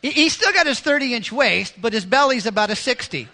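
A man, the pastor, preaching a sermon in a lively, joking way, often mimicking people. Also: extremely high pitch, brisk, some chatter behind.

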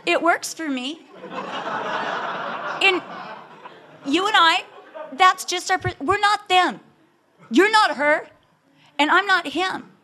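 A woman's voice: extremely high pitch, takes it slowly, long pauses, a little hiss or hum. A woman speaking to a women's audience about marriage, telling a funny personal story and acting out the quoted lines. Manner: animated, humorous, acts out quotes.

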